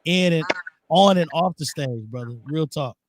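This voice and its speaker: A man's voice: on the high side, moderate pace, background noise. A man guest-hosting a live internet radio show, chatting casually and reading out viewer comments. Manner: laid-back, reads out viewer comments. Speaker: guest host.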